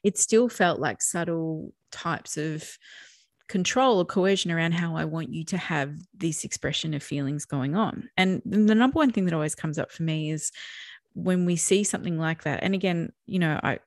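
A woman's voice: sits low, moderate pace, no echo. Woman, podcast co-host, casual chat, laughs often, dry close sound. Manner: animated, acts out quoted speech, laughs often.

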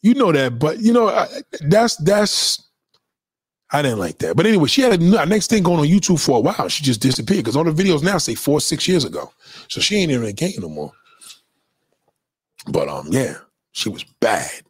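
A man's voice: fairly high pitch, very animated, brisk, breathy edge, dry recording. A man hosting a podcast, telling loose, profane stories and reacting to live comments in casual chat. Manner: loose, profane storytelling, lots of restarts. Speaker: podcast host.

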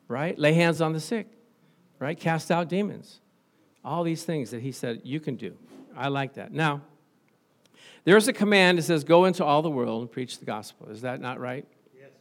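A man preaching a sermon as pastor, animated, rising to excited exclamations and calling out for responses from the congregation. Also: fairly high pitch.

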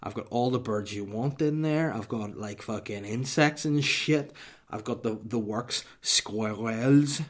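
A man's voice: mid-range voice, a little slow. A young Northern Irish man hosting a podcast, telling a comic story in a sweary, mock-dramatic way and dropping to a whisper for punchlines. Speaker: podcast host.

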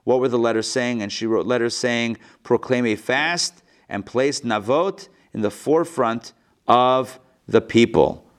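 A man leads a live class as a rabbi, reading passages aloud and then retelling them in casual, modern words. His delivery is animated and playful, and he acts out the characters' lines. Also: medium pitch, a little slow. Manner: lively, acts out the quotes with playful modern paraphrase. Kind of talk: live lesson, reading and explaining a text.

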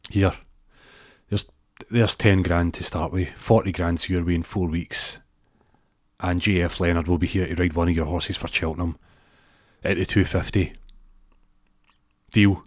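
A man's voice: low-pitched, fairly even intonation, unhurried, long pauses, dry recording, clean studio sound. A man with a Scottish accent voicing a flustered, wealthy pig owner who pleads and rambles. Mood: pleading.

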